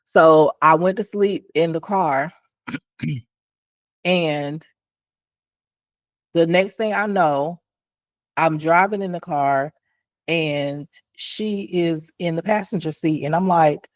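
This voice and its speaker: A woman's voice: low-pitched, slow, long pauses, dry recording, highs cut off. A woman hosting a podcast, telling a personal story in a candid, conversational way with restarts and asides to her listeners. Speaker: podcast host.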